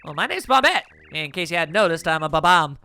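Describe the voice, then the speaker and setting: A man putting on a feisty little bomb girl from a video game, her voice pushed up high and bouncing all over as she rants and cheers. Her tone is bright and sharp, with soft music in the background. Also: very animated, exaggerated voice. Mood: chatty. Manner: spunky, quick to anger, pitched up high. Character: feisty young female bomb creature. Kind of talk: voicing game dialogue.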